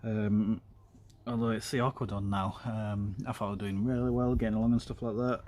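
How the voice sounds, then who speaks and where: This streamer talks fairly quickly in a lowish, slightly mellow voice with little pitch movement, guiding viewers through a paracord weave while his hands stay busy. The chat is casual and meandering, heavy on ums, with side talk about games.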